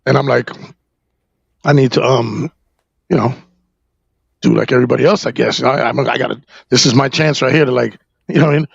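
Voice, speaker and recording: A man from New Jersey, a podcast guest, candidly recounting a personal story in a halting, rambling way full of fillers and profanity. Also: mid-range voice, gravelly, breathy edge, no room sound, dull audio.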